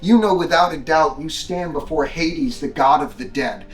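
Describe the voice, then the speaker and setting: A man's voice: fairly high pitch, normal speed. A man narrating as game master of a tabletop game, playful and teasing with his players. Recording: echoey room with faint music.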